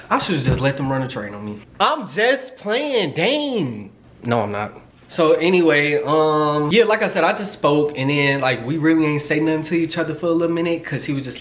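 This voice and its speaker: Young man, twenties, casual storytime, animated, swearing, teasing, roomy echo. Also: on the high side. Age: 20s. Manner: chatty and animated, swears a lot, jokes and teases. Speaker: vlogger. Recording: roomy echo, faint noise.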